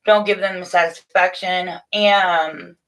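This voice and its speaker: A middle-aged woman hosting a casual morning livestream, chatting warmly and motherly with viewers from a room at home, with frequent restarts. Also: lowish voice, fairly even intonation, slow. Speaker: livestream host. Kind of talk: casual live chat to viewers.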